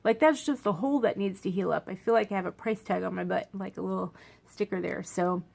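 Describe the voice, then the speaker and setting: A woman's voice: mid-range voice, fairly quick, vocal fry, darkish tone. A young woman talking casually to camera, tired and in pain after a medical procedure, rambling and repeating herself for emphasis. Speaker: vlogger.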